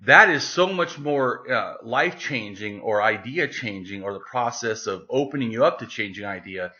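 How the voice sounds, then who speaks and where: A man, as an interview guest, telling a story in a casual, animated way, with many fillers and restarts. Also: fairly low pitch, normal speed. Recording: lo-fi, dull sound.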